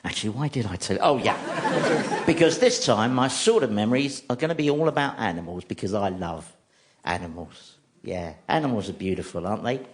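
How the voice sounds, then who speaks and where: Fairly low-pitched and brisk, a London-born comedy host spins wry, deadpan comic tales in a radio stand-up monologue. There's constant background noise throughout.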